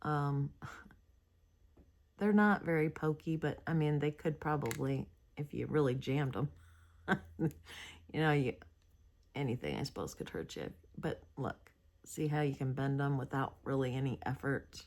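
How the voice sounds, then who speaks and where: A woman's voice: rumbling low, measured pace, long pauses, a little mellow. A woman hosting a crafting video, rambling chattily about a kit with many hesitations while yawning and sleepy. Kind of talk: casual product review chat.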